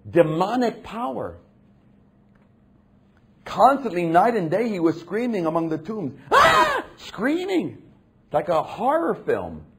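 A man preaching a sermon with a husky, slightly breathy voice. His pitch rises and falls widely as he shifts from low, hushed phrases to loud, emphatic passages.

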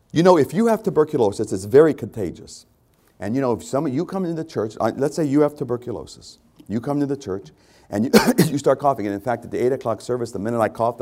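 A man's voice: lowish voice, warm tone. A male pastor preaching a conversational sermon to his congregation, repeating phrases for emphasis.

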